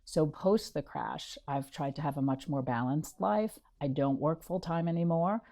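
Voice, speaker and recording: A middle-aged woman with a notably low voice recounts her experience as an interview guest. She tells it animatedly, slipping into the voices of the people she quotes. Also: moderate pace. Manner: animated storyteller acting out quotes. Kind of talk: interview storytelling.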